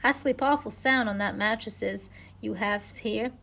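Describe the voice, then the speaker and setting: A woman's voice: high-pitched, very animated, slow pace, voice pushed up, full character voice. A woman reading aloud from a novel as a brash, joking male patient, with a mock-pitiful tone.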